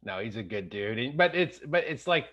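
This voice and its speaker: Lively man hosting a podcast chat. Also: medium pitch, moderate pace, dull audio. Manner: animated, slips into jokey accent impressions. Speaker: podcast host. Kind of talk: casual chat.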